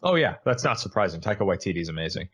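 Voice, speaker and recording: A man's voice: low-pitched, big pitch swings, rapid-fire, a bit bright, husky, highs cut off. A man guesting on a podcast as a voice actor, easygoing and self-deprecating, laughing along. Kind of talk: casual podcast chat.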